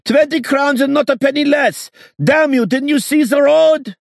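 A man voicing a greedy driver who screeches in falsetto and shouts. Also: normal speed, gravelly, dry recording, studio quality. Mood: furious. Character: greedy shrieking male driver.

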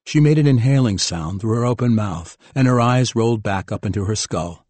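Low-voiced male audiobook narrator. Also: brisk, darkish tone, no echo. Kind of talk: scripted narration.

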